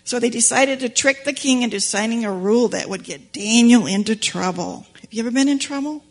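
A woman teaching Sunday school, telling a story to children in an animated, playful way and asking them questions. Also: a little high, fairly quick. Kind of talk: storytelling demonstration lesson for children. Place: church classroom with children.

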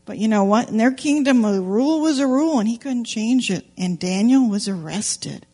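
A woman teaching Sunday school, telling a story to children in an animated, playful way and asking them questions. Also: a little high, moderate pace. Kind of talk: storytelling demonstration lesson for children. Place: church classroom with children.

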